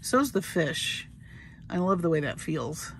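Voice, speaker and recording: A woman's voice: sits low, very animated, slow pace, fairly bright tone, a little hiss or hum. A woman showing her bead haul in a casual, gushing, chatty way. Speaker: crafting vlogger. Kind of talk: casual show-and-tell haul.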